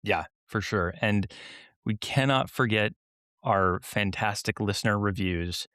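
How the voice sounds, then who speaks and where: Low-voiced, playful male podcast co-host. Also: a little slow, clean tone, no echo, studio quality. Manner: relaxed, playful banter. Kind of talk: casual chat.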